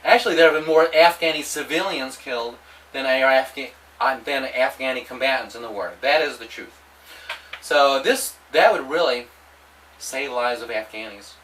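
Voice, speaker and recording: A man delivering a rambling, provocative monologue, halting often and restarting his sentences. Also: mid-range voice, fairly bright tone, far from the mic, a little hiss or hum, low-quality recording. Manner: halting, with many restarts and repetitions. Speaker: vlogger.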